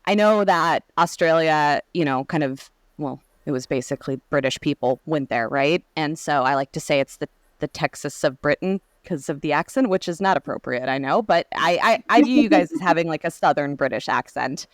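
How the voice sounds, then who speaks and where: A woman hosting a podcast, talking fast and joking with big exaggerations. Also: deep voice, lively intonation, dry recording, studio quality. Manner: quick, joking, exaggerates for laughs. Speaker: podcast host. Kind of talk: casual chat.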